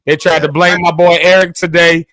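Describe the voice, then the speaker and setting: A man's voice: on the high side, little pitch movement, normal speed, a bit bright, no echo. A man hosting a live morning show, chatting casually and joking with his co-hosts over a video call. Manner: playful, joking, colloquial. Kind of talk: casual chat.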